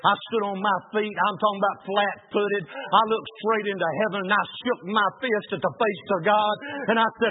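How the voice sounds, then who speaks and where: Male preacher, very high voice, folksy storytelling sermon, tinny lo-fi line. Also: fairly even intonation, normal speed, hardly any pauses. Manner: folksy, swings from hushed to shouting. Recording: tinny phone-like sound.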